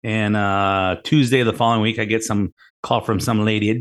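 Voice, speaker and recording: A man's voice: fairly low pitch, fairly even intonation, brisk. A middle-aged man hosting a talk radio show, rambling in a casual monologue, often repeating words and retelling conversations with emphasis. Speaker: radio show host and mortgage lender.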